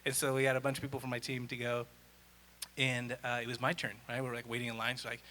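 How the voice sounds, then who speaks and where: Bright-voiced man speaking on stage. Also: mid-range voice, quick pace, gravelly, a little hiss or hum. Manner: energetic storyteller, acting out dialogue. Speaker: conference speaker. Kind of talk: live presentation talk. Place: on stage in a large hall. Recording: echoey hall.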